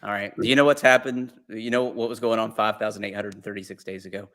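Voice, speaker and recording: A man co-hosting a casual sports podcast, building a joke through a deadpan list of facts. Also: lowish voice, fast talker. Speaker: podcast co-host.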